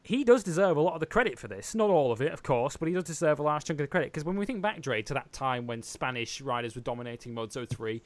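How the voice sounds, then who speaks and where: A man co-hosting a casual motorsport chat, fast and chatty with a teasing edge. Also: a little high, very animated, dry recording. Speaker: podcast co-host.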